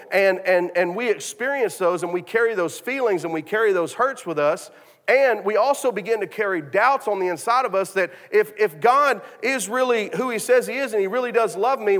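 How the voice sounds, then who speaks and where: A man's voice: sits high, a bit bright. A man preaching a sermon, telling a story with many restarts and repeated words. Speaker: pastor. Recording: long hall reverb.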